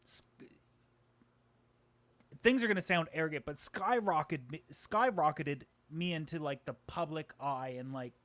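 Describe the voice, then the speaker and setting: A man who is a guest on a live stream, talking from a home microphone in energetic, joking bursts and poking fun at himself. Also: fairly high pitch, dry recording. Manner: energetic, joking, talks in quick bursts, self-deprecating. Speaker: guest, aquarium YouTuber. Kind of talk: casual live-stream chat. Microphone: home microphone just set up.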